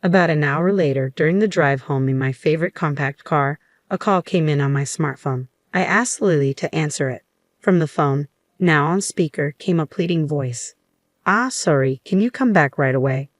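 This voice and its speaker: Low, dry-voiced woman narrating a story. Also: normal speed, no room sound.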